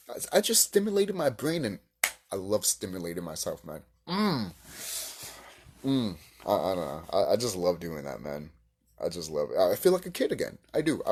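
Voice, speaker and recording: Man reacting on his channel, husky tone, lively pitch, profane heated rant. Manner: heated, profane, swings between shouting and hushed musing. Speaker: video creator reacting to a clip. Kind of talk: ranting reaction commentary.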